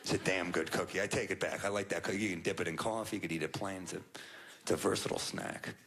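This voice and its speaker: With a low, steady voice that's fairly bright in tone, a young comedian talks fast through a stand-up set on a club stage. His storytelling is dry and self-deprecating, and audience laughter fills the background of this live recording.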